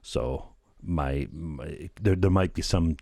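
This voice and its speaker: A man's voice: rumbling low, takes it slowly, vocal fry, darkish tone, no room sound, studio quality. A man hosting a solo talk show, rambling casually, peppering his talk with "you know" and "right?" and chuckling at his own remarks. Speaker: podcast host.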